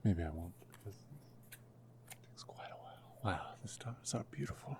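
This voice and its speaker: Soft-spoken man, hushed and apologetic. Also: low-pitched, expressive, unhurried, vocal fry, in a whisper. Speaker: ASMR creator. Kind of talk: first-try ASMR, half-whispered commentary.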